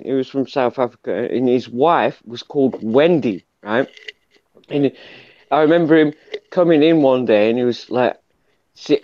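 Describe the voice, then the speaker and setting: A man's voice: mid-range voice, no echo. Man, host, casual and crude, dry lo-fi recording. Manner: swearing, laughing, doing accents. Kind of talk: casual chat.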